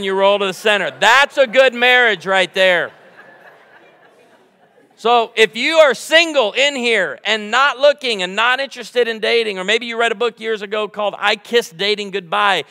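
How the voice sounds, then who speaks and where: High bright-voiced joking preacher man. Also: long reverb tail. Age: 40s. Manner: joking, playful crowd banter. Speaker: guest preacher. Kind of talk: humorous sermon. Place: church sanctuary before a congregation.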